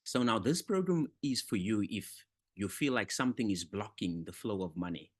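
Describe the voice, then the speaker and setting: A man coaching on money mindset, giving an enthusiastic, emphatic sales pitch that repeats its points. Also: normal speed. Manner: excitable, emphatic, repetitive.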